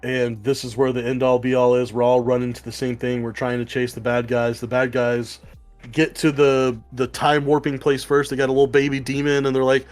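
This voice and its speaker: A man co-hosting a casual podcast, talking through a comic book review in a rambling, excited way and swearing casually. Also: medium pitch, brisk, soft background music. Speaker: podcast co-host.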